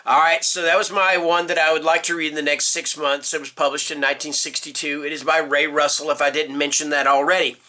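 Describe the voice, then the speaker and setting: A man's voice: on the high side, level tone, quick pace, hardly any pauses, sharp tone. An older man hosting a horror book channel, chatting casually and rambling with lots of fillers. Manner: rambling, folksy, frequent fillers. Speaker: booktube host. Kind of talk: casual book tag chat.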